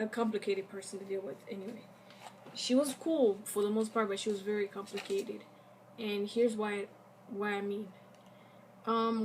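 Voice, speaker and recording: A young woman vlogger telling a casual storytime, animated and acting out the quotes of the people in it. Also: a little high, a little hiss or hum.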